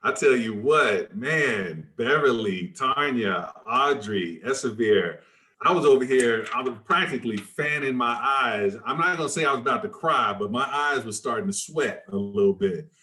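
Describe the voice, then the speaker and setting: A man's voice: medium pitch, animated, moderate pace, echoey room, background noise. A man hosting an online book launch, easygoing and informal, often stumbling over and repeating his words. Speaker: event host.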